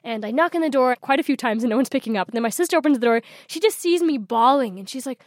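Woman, 20s, bubbly storyteller, a bit high-pitched, dry close mic. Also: animated, fast talker, dry recording. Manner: bubbly, laughs often. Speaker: interview guest. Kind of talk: storytelling interview.

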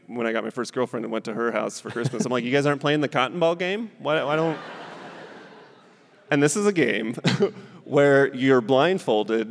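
A man in his thirties doing stand-up in an animated way, acting out friends and his son in quick put-on voices. His voice carries a long hall reverb, and his pitch sits in a middle range for a man. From Southern California. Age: 30s. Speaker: stand-up comedian and guest. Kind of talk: stand-up comedy then casual interview. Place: stage in a hall with a live audience.

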